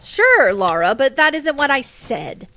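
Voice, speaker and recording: A woman's voice: a little high, animated, measured pace, fairly bright tone. A woman streaming a game, chatting playfully with her viewers and herself. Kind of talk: casual live-stream chat while gaming.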